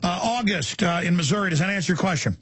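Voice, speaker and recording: A man's voice: sits high, lively intonation, quick pace, fairly bright tone, husky, no echo. A man hosting a call-in radio talk show, rambling with many fillers as he plugs material and takes calls.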